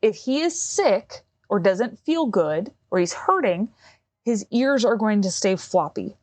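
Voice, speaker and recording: A woman's voice: medium pitch, expressive, unhurried, darkish tone, no echo. A middle-aged woman, hosting a podcast and explaining a hands-on task in a rambling, casual way with many fillers. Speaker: podcast host. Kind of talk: casual instructional talk. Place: home.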